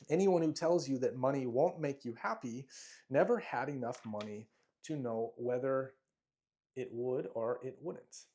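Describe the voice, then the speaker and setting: A man's voice: mid-range voice, warm tone. A man reading aloud from his own money booklet in a motivational style, emphatic and declamatory, with short punchy phrases and the odd off-script aside. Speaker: self-help speaker.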